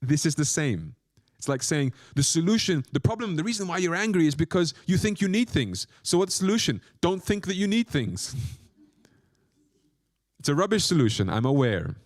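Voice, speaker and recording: This monk teacher speaks in a slightly high, very animated voice at a moderate pace, with no room sound and a clean studio quality. His spiritual lecture features playful self-mockery and short phrases repeated for emphasis.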